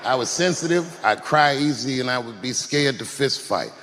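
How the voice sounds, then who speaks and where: A man's voice: mid-range voice, animated, normal speed, fairly bright tone. A man on stage, reflective, speaking directly to his mother about his upbringing. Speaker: comedian. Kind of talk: heartfelt stage speech. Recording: live venue with long reverb.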